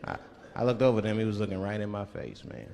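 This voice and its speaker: A man's voice: on the low side, creaky, a little mellow, long reverb tail. A male stand-up comedian telling stories in a loose style and drawing out his punchlines. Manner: loose, storytelling delivery with drawn-out punchlines. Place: comedy stage before a live audience. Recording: live stage recording with crowd and noise. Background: audience laughter.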